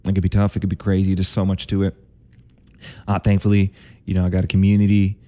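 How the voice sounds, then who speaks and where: Guy, low flat mellow voice, candid storyteller. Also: fast talker. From Canada. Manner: candid, emphatic storytelling with many fillers and repeats. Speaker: vlogger. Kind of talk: personal storytelling monologue.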